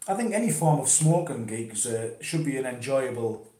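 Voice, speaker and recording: At home in his conservatory, a man chats casually and in a laid-back way about pipe smoking, swearing now and then. His voice is medium-pitched and dark in tone, with lively intonation and a moderate pace, and the room sounds reverberant.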